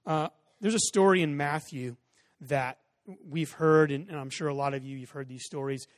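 A man in his forties preaches a sermon from the stage of a church sanctuary, telling stories in an easy, conversational way and acting out both sides of arguments loudly. His voice sits high for a man. The mic is close, with a long reverb tail from the hall behind it. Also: normal speed. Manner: conversational storytelling, acts out exchanges in raised voices. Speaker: pastor.

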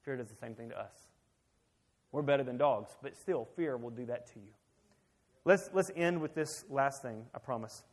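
A man's voice: mid-range voice, moderate pace. A man in his thirties preaching a conversational sermon, asking his listeners questions along the way. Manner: conversational, animated, asks the audience questions. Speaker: pastor.

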